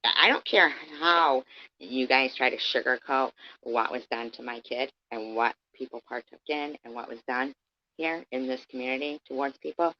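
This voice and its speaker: A very deep-voiced woman goes on a profane, angry livestream rant at a moderate pace. Heated and confrontational, she calls out her critics directly, and the stream audio is dull and lo-fi.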